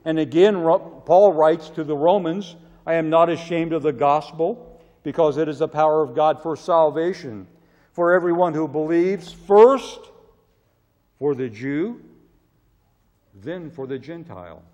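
A man preaching a sermon with emphatic delivery, his voice swelling loud and falling low. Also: measured pace. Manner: emphatic, rising to loud cries on quoted prayers, then dropping low. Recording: long reverb of a large hall.

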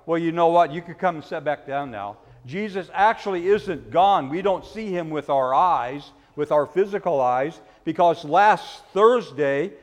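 A middle-aged man, a pastor, giving a children's sermon in church, gently asking the children questions and leading a prayer. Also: a little high. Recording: long church reverb.

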